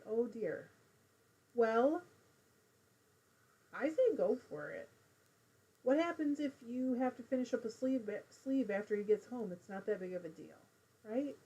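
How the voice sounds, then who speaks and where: A middle-aged woman chats easily to her viewers while she knits at home, reading out their comments as she goes. Her voice is slightly husky and sits a little high. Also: a little slow, mellow, dull audio. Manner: chatty, reads viewer comments aloud while knitting. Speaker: host of a live crafting stream. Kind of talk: casual live-stream chat.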